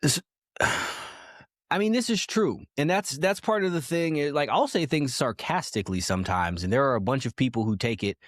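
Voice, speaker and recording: A man co-hosting a casual opinion podcast, arguing his points with lively, rising emphasis. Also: moderate pace, no echo, clean studio sound. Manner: animated, argumentative, voice jumps high for emphasis. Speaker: podcast co-host.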